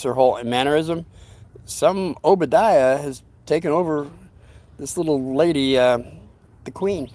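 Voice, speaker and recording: A man hosting his own channel, telling a story in a meandering, folksy way, often breaking off into asides. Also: medium pitch. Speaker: channel host telling stories. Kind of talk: rambling casual storytelling.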